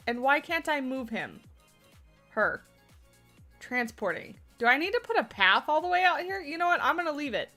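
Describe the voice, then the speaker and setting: A woman with a high, sing-song voice and a sharp tone talks at a normal pace over faint background music. She's hosting a game livestream, chatting casually with viewers while building in the game, answering their questions and laughing a lot.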